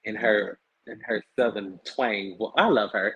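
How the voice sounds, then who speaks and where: A sassy man hosts a casual celebrity gossip show with a slightly husky voice. His pitch sits in the middle, and he keeps it lively with slang and asides. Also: moderate pace, highs cut off. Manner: sassy, animated, slangy storytelling. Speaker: host.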